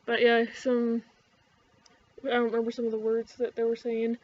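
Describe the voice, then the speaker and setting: A woman's voice: on the high side, completely flat delivery, normal speed, a little mellow, dull audio. A young woman with an Ottawa-area Canadian accent, chatting casually to camera in a rambling, sweary way, full of fillers and restarts. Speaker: vlogger.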